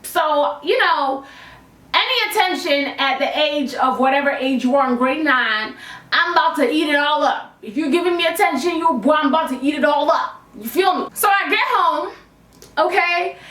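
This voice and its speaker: In a storytime vlog filmed in her bedroom, a young woman shares a personal story in casual, slangy, playful chat, raising her voice for the camera. She speaks at normal speed in a high voice, and the room echoes with the mic set at a distance.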